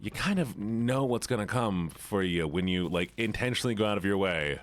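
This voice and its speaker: A male streamer chatting casually while he plays, thinking out loud and replying to his chat. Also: on the low side, expressive, moderate pace.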